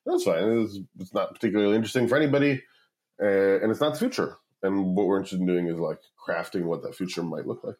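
A man's voice: deep voice, fast talker, poor audio. A man in his forties, a company founder, telling a long story in a casual interview, swearing often and acting out what others said. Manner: profane, rambling, animated quoting of others. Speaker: guest, startup founder.

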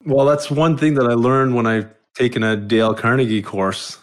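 A man's voice: medium pitch, fairly even intonation, moderate pace. A middle-aged man, a podcast guest, talking in an earnest, reflective way and repeating phrases for emphasis. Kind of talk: casual podcast chat.

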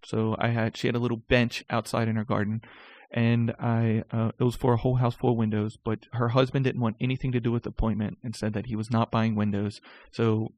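A man telling stories about his sales career in a casual, animated way, often stammering and restarting his sentences. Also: mid-range voice, a little fast, few pauses. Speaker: guest recounting sales career. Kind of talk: casual storytelling.

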